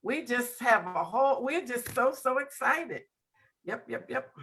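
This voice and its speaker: Woman, middle-aged, slow and deliberate, bright tone, effusive and emphatic, board meeting remarks. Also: on the high side, expressive, breathy edge. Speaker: school board member. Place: online video meeting.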